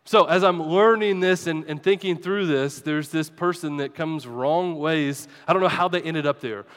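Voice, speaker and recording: A man's voice: a little high, moderate pace, a bit bright, long reverb tail. A male pastor preaching a sermon, chatty and self-deprecating with his congregation. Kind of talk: sermon with personal story. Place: church sanctuary.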